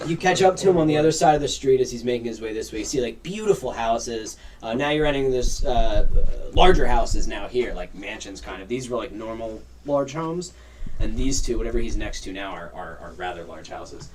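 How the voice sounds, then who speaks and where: A man narrating as game master of a tabletop game, lively and full of character voices. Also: medium pitch, a little fast, far from the mic. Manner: animated, jumps into character voices.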